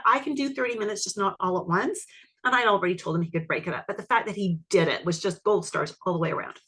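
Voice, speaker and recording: In a live online class, a woman who teaches iridology tells a client's case story, staying animated and checking in with questions for her listeners. She speaks quickly at a medium pitch with a breathy edge.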